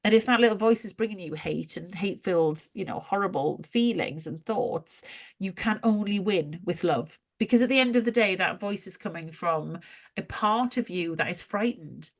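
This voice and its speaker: A woman co-hosting a podcast, chatting casually about spiritual ideas, animated and quick to laugh. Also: mid-range voice. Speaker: podcast co-host.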